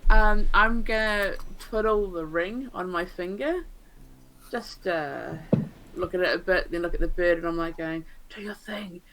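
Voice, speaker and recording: A woman's voice: fairly low pitch, unhurried, fairly bright tone, poor audio. A woman playing a tabletop game, hesitant with many ums and giggly. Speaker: player. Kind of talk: tabletop role-play chat.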